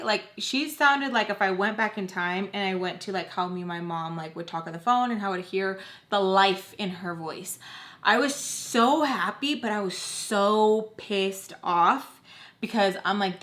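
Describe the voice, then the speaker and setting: With a medium-pitched, slightly bright voice at normal speed, a young woman shares a personal storytime as a vlogger. Her telling is casual and emotional, loaded with "like" and other fillers, and she acts out others' words in their voices.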